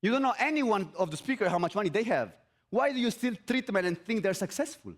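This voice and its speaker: Animated man giving a motivational talk. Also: high voice, fast. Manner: energetic and repetitive, with rhetorical questions. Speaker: motivational speaker. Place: event stage.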